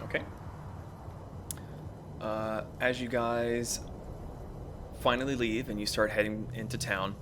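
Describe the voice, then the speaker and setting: A man running a tabletop game as game master, narrating calmly, on a hissy home mic. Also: mid-range voice, takes it slowly, long pauses.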